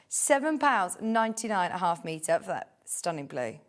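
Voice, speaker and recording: A woman's voice: lowish voice, sing-song, moderate pace, fairly bright tone. Gushing woman presenting live sales. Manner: gushing, enthusiastic, chatty. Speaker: shopping channel presenter.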